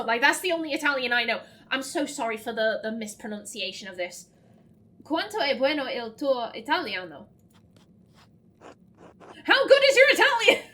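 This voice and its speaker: Woman game streamer, high and bouncy voice, reads dialogue aloud, laughs at her own slips. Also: bright, forceful tone. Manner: chatty and giggly, stumbling over foreign words. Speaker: let's play host. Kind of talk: blind let's play commentary, reading game dialogue aloud.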